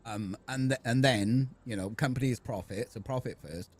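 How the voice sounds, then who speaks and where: A man's voice: mid-range voice, normal speed, breathy edge. A man who played in the game, explaining his character in a casual chat and thinking aloud.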